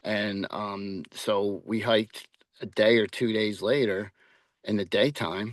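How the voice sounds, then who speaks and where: A man with a fairly low voice speaks in a loose, rambling way, full of "um"s and restarts, as a guest on a paranormal interview. The recording is dry and close, with no room sound. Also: steady tone, slow, no echo. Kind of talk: casual interview chat.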